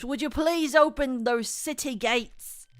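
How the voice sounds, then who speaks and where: A woman's voice: high-pitched, no echo, voice pushed up. A woman doing a sly man with a fake British accent. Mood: sly, smug. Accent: put-on British. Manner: theatrical, sly, drawn-out lines. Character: smug scheming grown man, faked British accent. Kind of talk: reading game dialogue aloud in a voice.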